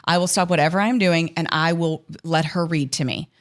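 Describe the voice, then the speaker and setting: Laughing, candid mom co-host. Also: female voice, low voice, steady tone, a little fast. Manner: candid, laughing, swears freely. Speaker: podcast co-host. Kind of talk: casual chat.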